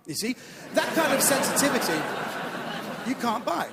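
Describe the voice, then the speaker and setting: A man's voice: extremely high pitch, very animated, moderate pace, gravelly, pauses often, music in the background. A man doing stand-up comedy on a theatre stage, chatty and self-mocking. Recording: echoey theatre hall.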